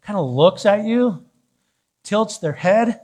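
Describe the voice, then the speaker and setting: A pastor preaching a sermon in a church, telling an animated, joking personal story. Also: male voice, high voice, slow pace, breathy edge.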